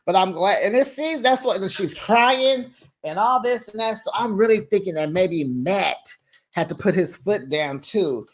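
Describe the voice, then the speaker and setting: A woman hosting a casual reality TV recap, sassy and animated, talking straight to her viewers. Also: mid-range voice, unhurried. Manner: sassy, animated, talks straight to viewers with slang like "child" and "honey".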